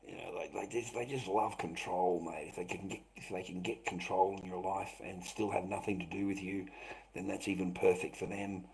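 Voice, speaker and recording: Profane rambling man, rather low voice. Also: steady tone, a little fast, gravelly, poor audio. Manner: profane, rambling, swings between loud outbursts and low muttering. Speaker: livestream host. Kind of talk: rambling live-stream monologue.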